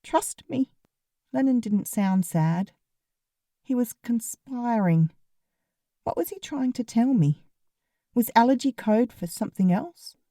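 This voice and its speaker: A woman's voice: a little high, expressive, a little slow, pauses often, warm tone, no echo. Woman reading a funny novel as the main character, wry and sarcastic, dry close sound. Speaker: audiobook narrator. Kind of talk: first-person comic novel narration.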